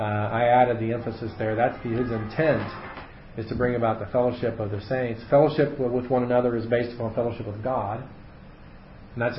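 A man leads a casual Bible study, walking through the text as he explains it and thinking aloud with plenty of fillers and restarts. His voice carries around an echoey room, and the sound is dull and slightly muffled, with a faint hiss underneath. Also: mid-range voice.

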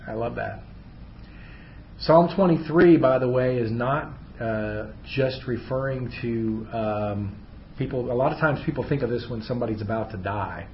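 A man's voice: medium pitch, normal speed, reverberant, muffled recording, slight background noise. A middle-aged man teaching a Bible class, chatty, asking his class rhetorical questions. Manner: conversational, often asks rhetorical questions.

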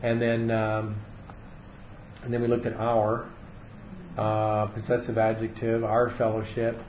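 A man leading a casual Bible study lesson, explaining slowly and thinking aloud with fillers and restarts. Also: lowish voice, monotone. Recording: echoey room, dull sound, faint hiss.

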